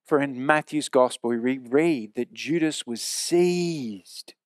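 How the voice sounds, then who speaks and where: A man preaching a sermon in a church, earnest and emphatic, slowing down to repeat key phrases. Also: medium pitch, no room sound, clean studio sound.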